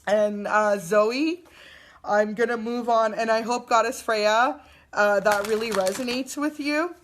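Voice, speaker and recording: A woman, a young adult mother, gives a live spiritual card reading to viewers in a gentle, affirming way, with many fillers and restarts. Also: a little high, steady tone, measured pace, slight background noise.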